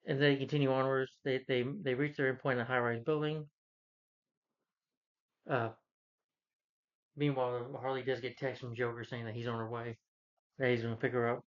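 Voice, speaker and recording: Man, casual film review, rambling, opinionated, mid-pitched, dull lo-fi sound. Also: level tone, moderate pace, long pauses. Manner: rambling, many restarts and fillers, opinionated. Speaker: movie reviewer.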